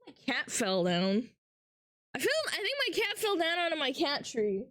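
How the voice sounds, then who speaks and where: A woman streamer chatting playfully and excitably with her chat. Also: high voice, normal speed, no echo. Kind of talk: casual livestream chat.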